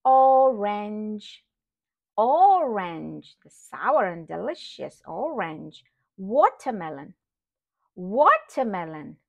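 A woman's voice: medium pitch, sing-song, very slow, vocal fry, lo-fi sound. A woman reading aloud to her toddler as a parent, repeating each word in a sing-song manner and imitating animal sounds. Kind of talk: slow read-aloud for babies.

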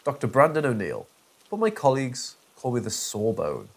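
A nasal, self-satisfied villain, as a man puts him on for a spooky story reading, talking in a lively sing-song with a husky edge. He monologues about himself with pompous relish, smug and theatrical. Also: medium pitch, normal speed, full character voice.

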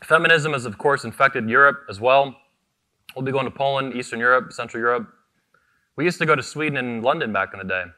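Talking fairly quickly in a sharp, mid-range voice, the convention's founder gives his keynote on stage into a microphone. The speech is fiery, combative and profane, built on short phrases he hammers repeatedly.

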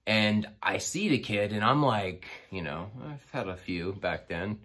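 A man's voice: lowish voice, measured pace, fairly bright tone. A man casually telling a personal story, rambling with many fillers and restarts.

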